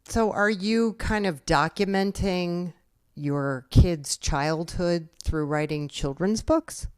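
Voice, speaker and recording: A woman's voice: fairly low pitch, slow, a little mellow, smooth, no room sound, studio quality. A woman hosting an author interview, chatty and encouraging as she asks questions. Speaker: interview host.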